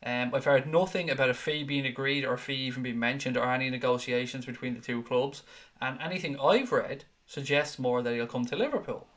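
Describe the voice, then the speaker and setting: A man in his twenties or thirties hosts a live fan stream. He talks in a loose, joking way, reads viewer comments aloud and swears freely. His pitch sits in the middle of the usual male range. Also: brisk, a bit bright. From Ireland. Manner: chatty, jokey and profane, teasing his co-hosts. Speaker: host of a fan channel live show.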